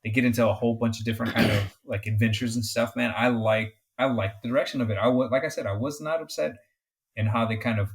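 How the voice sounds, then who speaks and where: A man co-hosting a podcast in casual chat, excitable and swearing freely, often getting loud. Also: medium pitch, fast talker. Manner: excitable, swears a lot, gets loud and animated. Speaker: podcast co-host.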